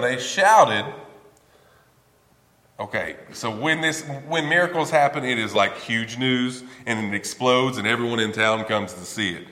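A man preaching a sermon, animated and emphatic, often repeating and restarting phrases. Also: mid-range voice. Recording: echoey hall with long reverb.

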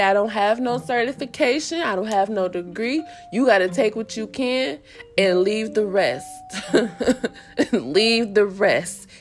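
Emphatic woman preaching her own story. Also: medium pitch. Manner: emphatic and preachy, with laughs and repeated phrases; informal dialect grammar. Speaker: vlogger sharing her personal story. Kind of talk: casual monologue to camera.

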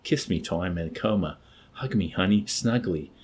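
A man voicing a frightened, coaxing young woman in a high put-on voice. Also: wildly swooping pitch, normal speed, a little mellow, husky, full character voice.

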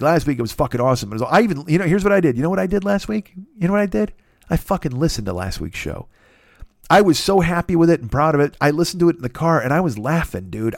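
A man's voice: mid-range voice, no room sound, clean studio sound. A middle-aged man hosting a solo podcast, rambling and profane, with self-deprecating asides. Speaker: podcast host.

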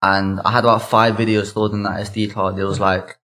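A man in his twenties with a London accent, a podcast guest telling a story in fast, slangy chatter full of "like" and "mate". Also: fairly low pitch, little pitch movement, a bit bright. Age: 20s. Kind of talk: casual storytelling.

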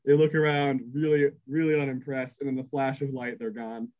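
A man's voice: medium pitch, level tone, a little mellow, muffled recording. A man narrating chaos as game master of a tabletop game, cursing and filling gaps with ums. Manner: rapid, crude narration full of fillers.

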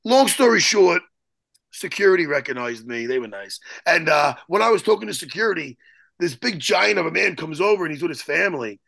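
A man telling a story as a guest in an interview, excitable and profane, rambling and restarting his sentences. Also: a little high, fairly quick, creaky, no echo. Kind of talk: animated storytelling in a podcast interview.

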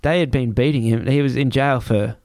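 A man's voice: mid-range voice, fairly quick, dry recording. Man telling a story, dry close sound. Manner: animated retelling, acts out the voices in his story. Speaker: guest. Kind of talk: casual storytelling.

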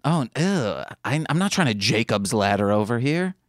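A man co-hosting a podcast in casual chat, quick and joking, swearing and mimicking lines in funny voices. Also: mid-range voice, big pitch swings, no room sound, clean studio sound. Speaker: podcast co-host.

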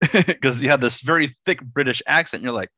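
Bright-voiced lo-fi interview host. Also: male voice, mid-range voice, brisk, slightly rough, no echo. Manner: easygoing, laughs often. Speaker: podcast host. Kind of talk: casual interview chat. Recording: dull lo-fi, dry.

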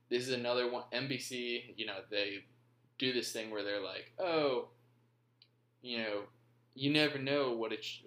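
A man's voice: lowish voice, sharp tone. A man hosting a casual football recap, rambling with frequent ums. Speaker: podcast host. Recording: roomy echo.

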